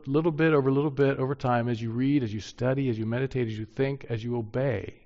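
A male preacher with a gravelly, fry-tinged voice delivers a sermon. He is earnest, climbing to emphatic peaks and then sinking back to a soft tone. The sound is dull and lo-fi. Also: mid-range voice.

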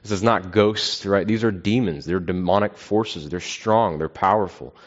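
A man preaching an earnest, measured sermon, often pausing with fillers. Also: low-pitched. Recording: dull, lo-fi sound.

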